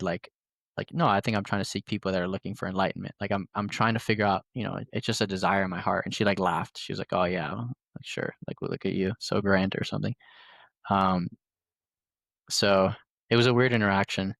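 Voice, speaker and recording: Young male podcast host, rambling storyteller, lowish voice, dry close sound. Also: steady tone, quick pace, gravelly, a bit bright, no room sound. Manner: rambling storytelling with many fillers. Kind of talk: casual conversation.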